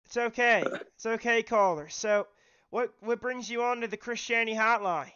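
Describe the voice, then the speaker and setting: A man runs a call-in livestream in a very high, bright voice. He talks haltingly and repeats his words. The audio is muffled and lo-fi. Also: clear, resonant tone. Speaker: livestream host taking callers. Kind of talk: hosting a call-in show.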